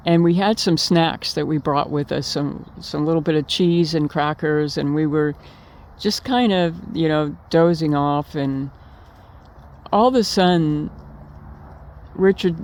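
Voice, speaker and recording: A woman's voice: sits low, unhurried, a little mellow. A woman casually telling a personal memory to her viewers, rambling with fillers and restarts and laughing now and then. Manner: laughs while telling stories. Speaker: vlogger remembering her late partner. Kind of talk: casual storytelling.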